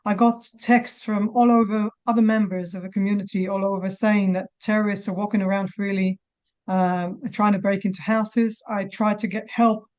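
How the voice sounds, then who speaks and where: A woman in her forties giving halting, emotional testimony at a press conference, holding back tears. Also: a little high, darkish tone. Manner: halting, with many restarts.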